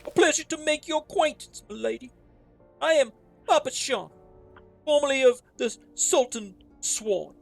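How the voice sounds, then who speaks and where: A woman's voice: sits high, lively intonation, moderate pace, vocal fry, soft background music, voice pushed up. A woman voicing a courteous middle-aged male innkeeper in a game, with a put-on New Jersey wise-guy accent and formal speech. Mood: courtly. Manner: formal, old-fashioned speech. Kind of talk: voicing game dialogue on a stream.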